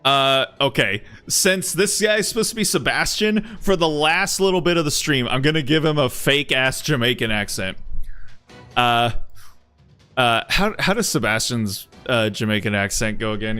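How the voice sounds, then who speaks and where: A streamer giving casual, excitable commentary while playing a game, swearing and laughing along. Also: mid-range voice, normal speed, smooth, faint music behind. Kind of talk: casual gameplay commentary with read-aloud dialogue.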